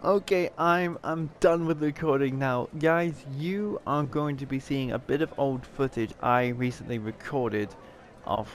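A man giving casual commentary while playing a casino card game, excitable, laughing and swearing as he wins and loses. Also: medium pitch, measured pace. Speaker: gameplay video creator.

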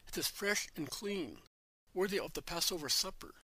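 A man's voice: sits high, animated, normal speed, bright, forceful tone, husky, dry recording, heavily acted. A man voicing a devoted young woman in a storybook reading, speaking earnestly.

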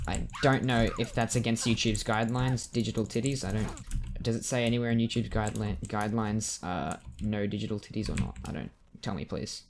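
A man giving let's play commentary at his computer, joking and reacting with excitement to the game as he plays. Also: on the low side, brisk, a little hiss or hum. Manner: excitable, jokey, yelps and laughs at the game. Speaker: gaming YouTuber.

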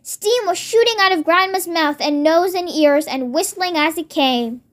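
Very high-voiced child reading a storybook. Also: moderate pace, fairly bright tone. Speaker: storybook reader.

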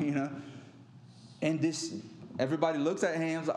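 A man's voice: a little high, lively intonation, normal speed, darkish tone, a little hiss or hum. A middle-aged man preaching a sermon as pastor, telling stories and acting out quotes conversationally. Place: church sanctuary. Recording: echoey church hall.

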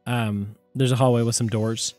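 A man's voice: mid-range voice, steady tone, moderate pace, a little mellow, faint music behind. A man narrating as game master in a casual, conversational way with filler words.

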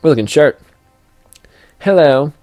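A man's voice: on the high side, lively intonation, a little slow, no room sound, dull audio, faint music behind. Chatty, goofy young man narrating his gameplay. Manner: chatty and goofy, with playful sing-song asides. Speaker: gameplay commentator. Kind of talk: casual let's-play commentary.

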